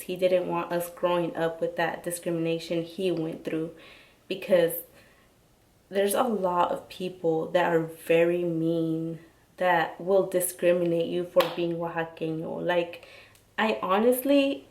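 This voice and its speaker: Chatty woman in her twenties, lower-pitched. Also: a little hiss or hum, low-quality recording. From Oaxacan family, raised in the US. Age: 20s. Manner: chatty, lots of "like" fillers, mixes in Spanish. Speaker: YouTuber. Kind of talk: casual vlog chat.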